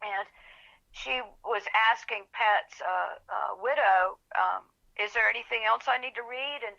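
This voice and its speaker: A woman tells her story with feeling and acts out every voice in it. Her voice is bright and carries a gravelly edge. The audio sounds dull and lo-fi, like a remote recording. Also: medium pitch, a little slow. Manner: animated storyteller, acts out quoted voices, gets emotional. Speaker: author, podcast guest. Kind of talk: storytelling in an interview.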